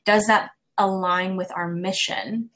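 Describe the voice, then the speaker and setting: A woman's voice: mid-range voice, fairly even intonation, a little slow, a bit bright. Chatty woman telling stories in interview. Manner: chatty storytelling, many "you know" fillers. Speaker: theater season programmer being interviewed. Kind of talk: casual interview.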